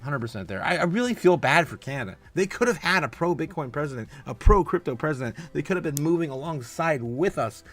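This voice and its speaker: A man hosting a casual crypto livestream, reading chat aloud, laughing often and breaking into loud bursts of hype between rambling, filler-heavy commentary. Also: a little high. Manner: frequent filler uhs and restarts.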